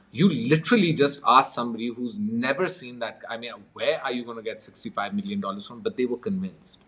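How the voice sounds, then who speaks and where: A man's voice: medium pitch, fairly bright tone. A man from Pakistan, an interview guest telling his story in a wry, amused way and chuckling often. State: coughing with a cold. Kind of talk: conversational storytelling.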